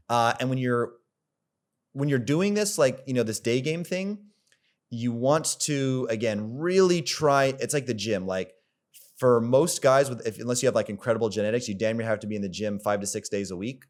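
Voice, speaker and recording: A man's voice: mid-range voice, moderate pace. A man giving a coaching monologue, rambling with lots of filler words, repeating himself for emphasis and swearing casually. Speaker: dating coach.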